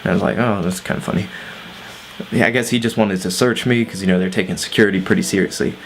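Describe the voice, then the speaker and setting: A man's voice: sits low, steady tone, rapid-fire, creaky, a little hiss or hum. A man casually telling a personal story on his vlog, laid-back with lots of fillers and swearing. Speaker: vlogger.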